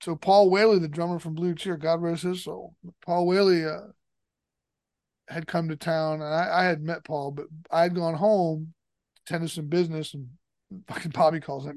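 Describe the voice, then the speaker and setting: Guy with a high voice rambling through a story, cussing nonstop, dry close mic. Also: fairly even intonation, normal speed, a little mellow, dry recording. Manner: profane, rambling, emphatic. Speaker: podcast guest. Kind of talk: casual storytelling.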